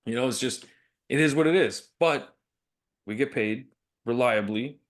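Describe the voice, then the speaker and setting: A chatty man co-hosting a business podcast, with a voice of ordinary middle pitch. He talks casually, tells stories and laughs often as he goes. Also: unhurried. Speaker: podcast co-host.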